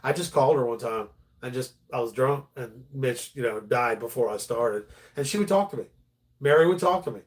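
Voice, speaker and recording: A man's voice: mid-range voice, fairly quick. Rambling middle-aged male comedian. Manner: rambling, many restarts, swears freely. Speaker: stand-up comedian, host. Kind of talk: casual livestream chat.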